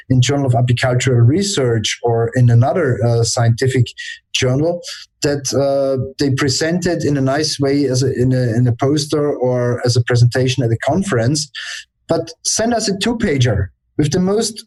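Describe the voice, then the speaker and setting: A man's voice: medium pitch, a little mellow. A man from Austria, an English speaker, answering interview questions hesitantly. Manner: hesitant, with frequent fillers. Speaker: guest, journal editor.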